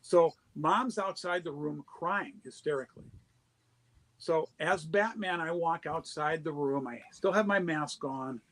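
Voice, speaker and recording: Animated man telling a long story. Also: a little high, poor audio. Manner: animated anecdote teller, quick restarts. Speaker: guest, charity founder. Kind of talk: casual storytelling.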